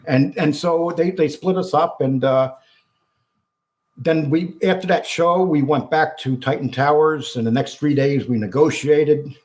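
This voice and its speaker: A man being interviewed, telling a long story in an animated, blunt way, acting out what others said and swearing freely. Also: a little high, unhurried. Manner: animated storyteller acting out quotes, frequent restarts. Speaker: guest.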